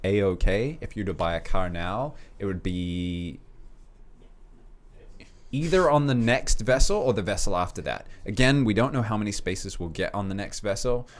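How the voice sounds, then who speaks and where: Man, low voice, steady, reassuring, casual live-stream co-host. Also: normal speed. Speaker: co-host explaining shipping.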